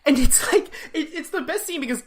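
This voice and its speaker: Chatty animated woman podcast host. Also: high voice, a little fast. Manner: animated storytelling, heavy use of "like", acts out quotes. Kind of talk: casual comedic recap.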